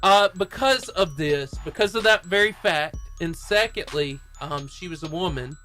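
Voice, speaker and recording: A man co-hosting a radio talk show, earnestly explaining and reading a Bible passage in a lively storytelling way. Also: fairly high pitch, normal speed, faint music behind. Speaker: co-host leading a Bible discussion. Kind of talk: casual radio talk, reading scripture aloud. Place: radio studio.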